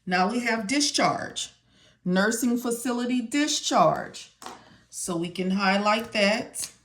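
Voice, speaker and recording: Slow, deliberate woman coding teacher. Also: medium pitch, expressive, a bit bright. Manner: slow, repetitive, talks to viewers as if they can answer. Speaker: medical coding instructor. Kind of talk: study walkthrough lesson.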